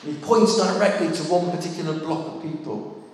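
Man, 60s, preacher, storytelling sermon, self-deprecating, slightly high voice, reverberant distant hall sound. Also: moderate pace. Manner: lively anecdotal delivery with self-deprecating humour. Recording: echoey hall, mic at a distance.

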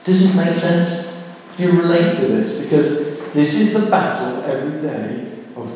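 Preacher in an echoey hall. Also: male voice, on the high side, moderate pace, slight background noise. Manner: lively anecdotal delivery with self-deprecating humour. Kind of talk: storytelling sermon. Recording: echoey hall, mic at a distance.

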